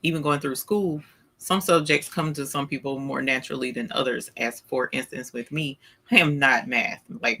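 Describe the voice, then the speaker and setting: A man's voice: medium pitch, gravelly, pushed and bright. A man hosting a casual livestream, greeting viewers by name and talking with playful exasperation. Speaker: livestream host. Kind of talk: casual live-stream chat with viewers.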